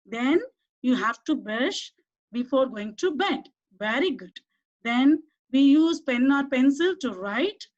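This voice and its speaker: High-pitched and a little mellow, a woman with an Indian English accent teaches young children English in an online primary class. She draws them out with questions and has them repeat words. The lo-fi recording sounds dull.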